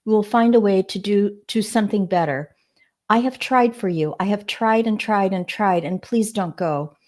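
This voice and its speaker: A woman reading aloud as a desperate middle-aged mother begging her daughter to stay, her pleas slowing as she goes. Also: mid-range voice, a little mellow, lightly acted. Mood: pleading.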